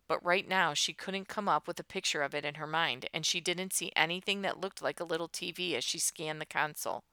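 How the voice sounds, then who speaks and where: A woman narrating a tense audiobook in a fairly low but very bright, clear voice. She keeps a steady storytelling manner. The recording is close and dry. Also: fairly quick, no echo.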